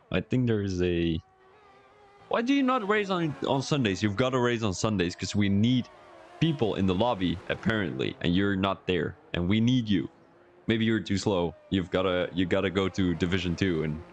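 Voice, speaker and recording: A deep male voice comes through with slight background noise. It's a chatty, rambling live-stream commentary on a sim racing league, with the man addressing his viewers and making jokes at his own expense.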